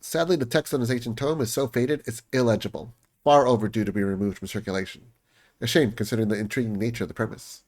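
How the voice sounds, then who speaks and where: A man's voice: medium pitch, steady tone, fast talker, a little mellow. A man chatting casually as he plays a game, amused and laughing often. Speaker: game streamer. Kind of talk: casual gameplay commentary.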